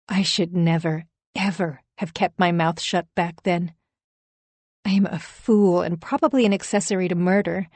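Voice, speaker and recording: A woman's voice: on the low side, darkish tone, no room sound. A woman reading a first-person thriller audiobook in a tense, emphatic storytelling manner. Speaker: audiobook narrator.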